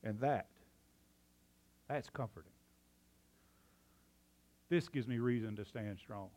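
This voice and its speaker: A man preaching a sermon, excitable and out of breath, swinging from loud fervor to hushed emphasis. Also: mid-range voice, slow. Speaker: pastor.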